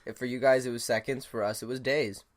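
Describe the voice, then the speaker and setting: A man's voice: medium pitch, steady tone, quick pace. A man co-hosting a podcast in casual chat, rambling with many restarts and chuckling often. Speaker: podcast co-host.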